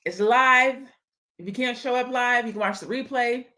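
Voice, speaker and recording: A woman co-hosting a casual chat, conversational and relaxed, closing out with announcements. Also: a little high, normal speed. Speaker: co-host.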